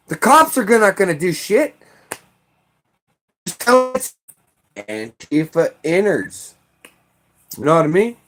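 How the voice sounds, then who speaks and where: High-voiced american guy ranting hard, swearing, bursts of yelling. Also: sing-song, unhurried, pauses often. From United States. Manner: heated, profane, shouting bursts. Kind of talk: angry political rant.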